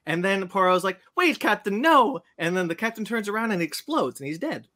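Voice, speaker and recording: A man on a podcast telling a long, animated story about a movie he saw and acting out its scenes. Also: sits high, fast. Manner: animated storyteller, acts out scenes in silly voices. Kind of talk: casual chat, movie rant.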